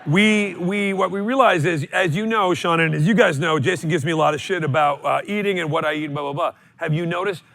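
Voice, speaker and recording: High-voiced man bantering dryly on stage. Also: fairly quick, gravelly, hardly any pauses, fairly bright tone. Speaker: podcast co-host. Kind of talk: comic banter on a live stage show. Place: live stage in a theater.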